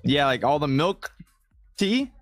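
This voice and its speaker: A man's voice: medium pitch, animated, a little fast, a little mellow, no room sound, soft background music. Young man rambling with lots of "like". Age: young adult. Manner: rambling, many fillers like "like". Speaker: co-player. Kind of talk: casual gaming stream chat.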